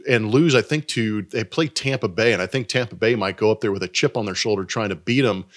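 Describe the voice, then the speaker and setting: Excited chatty guy on a sports podcast, mid-pitched everyday voice. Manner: excited, chatty, laughs easily. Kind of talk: casual sports talk.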